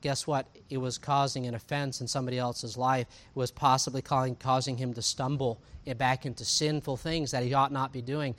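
A man, preaching a sermon in a conversational, animated way, full of asides and rhetorical questions. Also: mid-range voice, a little fast, hardly any pauses. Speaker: pastor.

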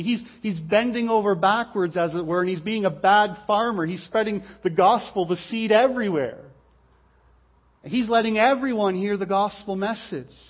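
A man preaching a sermon from the pulpit in a church, explaining earnestly and asking rhetorical questions into a pulpit microphone. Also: high-pitched. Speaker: pastor. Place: church hall.

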